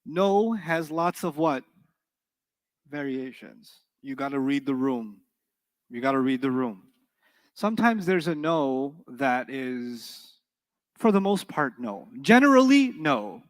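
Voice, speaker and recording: A man teaching an Arabic class to students, lively and storytelling, often asking the room questions and acting out voices. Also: fairly high pitch, slow pace, dry recording. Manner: acts out quoted voices in his stories. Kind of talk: live classroom lecture.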